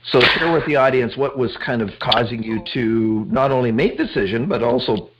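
A man's voice: medium pitch, animated, a little fast, heavy background noise. Man hosting an interview over dull audio. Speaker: host.

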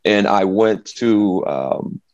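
Deep-voiced man telling stories animatedly. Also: takes it slowly, no echo, highs cut off. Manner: animated storyteller, acts out quotes. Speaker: former football player guest. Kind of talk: storytelling interview.

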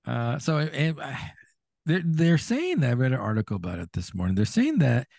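Husky animated man in casual chat. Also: normal speed, dry recording, studio quality. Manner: chatty, laughs often, animated pitch swings. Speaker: podcast co-host.

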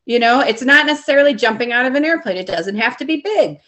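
Upbeat high-voiced woman coach. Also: expressive, fast, sharp tone. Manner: upbeat, motivational. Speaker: coach and host. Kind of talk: casual chat.

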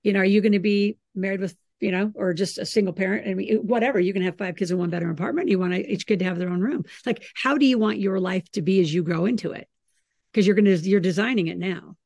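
Animated middle-aged woman with gravelly voice. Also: mid-range voice, quick pace, no echo. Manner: animated storyteller, acts out her kids' lines. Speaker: podcast host. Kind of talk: casual chat.

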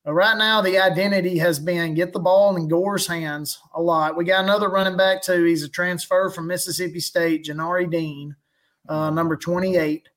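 A man's voice: high-pitched, steady tone, moderate pace, a bit bright. A man, a guest chatting casually about his football team, rambling and chuckling as he tells stories. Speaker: guest fan podcaster. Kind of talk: casual chat.

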